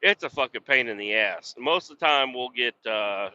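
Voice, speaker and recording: A man's voice: mid-range voice, lively intonation, normal speed, pushed and bright. A man telling rambling, blunt stories full of swearing, ranting with exasperation as he drives a truck. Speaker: podcast host and truck driver. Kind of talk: rambling casual storytelling. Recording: dull lo-fi sound.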